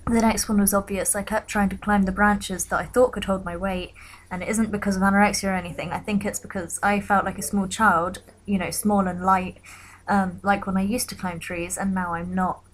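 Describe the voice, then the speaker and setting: A young woman in her late teens recounting a personal story in a quiet, reflective way, sometimes dropping to a whisper. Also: mid-range voice, little pitch movement, a little fast, slight background noise, rough recording. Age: young adult. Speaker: vlogger.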